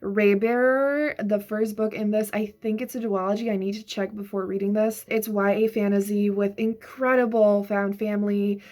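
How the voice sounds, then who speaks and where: A woman's voice: medium pitch, fairly even intonation, moderate pace, few pauses, a little mellow. A young woman talking casually about the books she is reading, with many filler words. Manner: chatty, lots of "like" fillers. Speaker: book vlogger. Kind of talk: casual chat.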